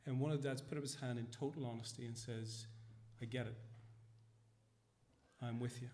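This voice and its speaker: Male pastor, storytelling sermon, restarts often, voice a bit higher than most. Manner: storytelling, acts out dialogue, frequent restarts. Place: church.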